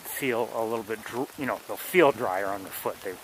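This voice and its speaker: A man's voice: lowish voice, moderate pace, a little hiss or hum, rough recording. A man narrating casually while walking wet outdoor trails in light rain, rambling with many fillers and restarts as he guides a birding tour.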